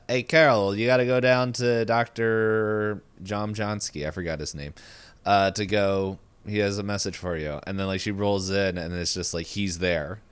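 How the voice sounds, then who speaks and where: Smooth low-voiced man, laid-back. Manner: laid-back, joking, rambling. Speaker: podcast co-host. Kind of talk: casual film discussion.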